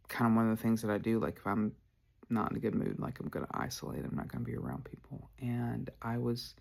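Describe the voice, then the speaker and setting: Telling a personal story on his podcast, a man speaks candidly and rambles, using "like" constantly as filler. His voice is medium in pitch, a little mellow, with vocal fry.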